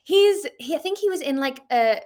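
Lively, giggly Northern English woman. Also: sits high, moderate pace. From England. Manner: giggly and animated, often laughing and searching for names. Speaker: guest, musical theatre actor. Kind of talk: casual podcast chat.

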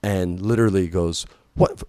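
A man telling a long story in casual talk, animated and swearing freely, jumping loud and high whenever he quotes someone. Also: normal speed, no echo, studio quality. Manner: animated, swings loud and high when quoting people. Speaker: podcast guest.

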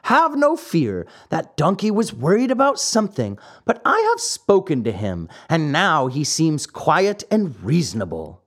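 A sly little fat coachman in a storybook, all bows and smiles, coaxing in a smooth, overly polite voice that climbs high, as a man puts him on. He swoops up and down as he talks. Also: huge pitch swings, unhurried, hardly any pauses, fairly bright tone, full character voice.

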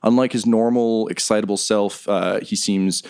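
A man with a lowish voice narrates a tabletop fantasy game as its game master. He rambles in a relaxed, easygoing way, full of small fillers. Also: moderate pace, smooth.

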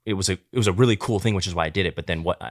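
Male podcast guest, low-ish voice, rapid rambling talk, dry studio mic. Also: no echo. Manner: quick, rambling, many fillers. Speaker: guest actor. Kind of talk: casual interview chat.

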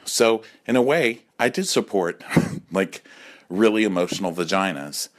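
A man's voice: fairly low pitch, lively intonation, a little slow. A man in his forties, drunk, delivering a campy, sassy comic rant that keeps slipping into acted-out voices. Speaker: caller leaving a voice message.

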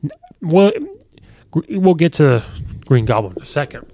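A man hosting a podcast, recapping a film in a casual, rambling way with many fillers and quick quoted asides. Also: a little high, animated, mellow. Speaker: podcast host reviewing a film. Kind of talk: casual movie review.

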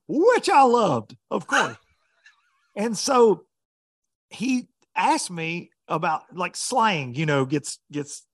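A man, a professional bass angler, telling a story in casual chat with laughs along the way. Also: husky, no room sound, studio quality.

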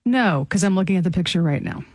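A woman's voice: on the low side, expressive, fast talker, breathy edge, no echo. Dry-voiced female radio co-host. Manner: dry, brief agreeing replies. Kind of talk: talk radio co-hosting and news reading.

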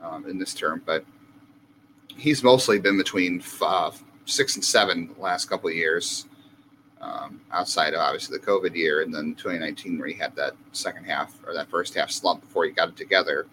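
Low voice guy cohosting, thinks out loud, lots of um, faint hum in the background. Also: moderate pace, poor audio. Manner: thinking aloud, many fillers. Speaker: podcast co-host. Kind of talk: casual sports talk.

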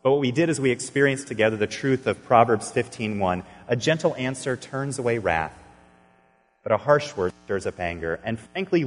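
Pastor preaching in a reverberant hall. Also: male voice, mid-range voice. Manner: earnest storytelling, acting out dialogue with sudden bursts. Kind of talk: sermon. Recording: long reverb of a large hall.

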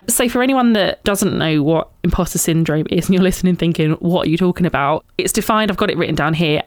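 A woman co-hosting a casual podcast, talking in a fairly low voice with plenty of "like" and "kind of." The sound is dry and close, with no room echo. She sounds reflective and conversational. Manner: chatty, reflective, with frequent fillers. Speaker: podcast co-host. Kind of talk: casual chat.

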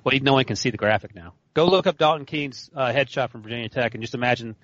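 A man's voice: medium pitch, fast, a bit bright, dull audio. A man co-hosting a sports podcast, joking around and ribbing his co-host. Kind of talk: casual sports podcast chat.

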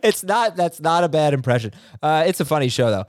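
A man hosting a podcast, reading listener questions in a relaxed, teasing way with plenty of fillers. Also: a little high, fairly quick, no room sound, clean studio sound. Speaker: podcast host. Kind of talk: casual chat.

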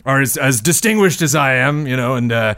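A man voicing a pompous, self-important gentleman in a top hat and monocle, with a bad fake British accent. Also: mid-range voice, expressive, fairly quick.

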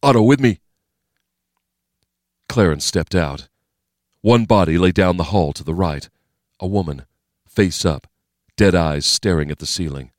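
A man giving scripted narration of a thriller as an audiobook narrator, in a steady, measured, dramatic reading. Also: deep voice, no echo, clean studio sound.

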